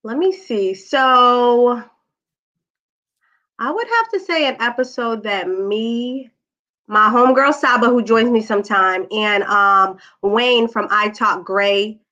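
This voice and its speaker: Woman guest, slangy and laid-back, bright tense tone, dull lo-fi audio. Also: on the high side, slow. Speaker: podcast guest. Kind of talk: casual interview chat.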